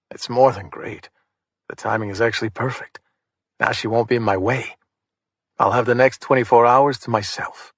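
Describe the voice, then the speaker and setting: A man reads a crime thriller audiobook in the first person, with a measured, hard-boiled delivery. His voice sits at a middle pitch. The recording is dry and close. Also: fairly even intonation, fairly bright tone, no echo. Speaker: audiobook narrator.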